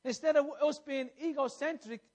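A male preacher with a strikingly high voice delivers an impassioned sermon. He circles back over his phrases and asks his listeners questions as he presses his point. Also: fairly even intonation, normal speed, darkish tone.

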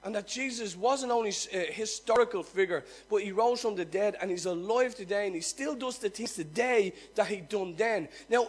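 High-voiced preacher telling his story. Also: low-quality recording. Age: middle-aged. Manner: earnest, storytelling, asks the audience questions. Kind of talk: sermon with personal testimony.

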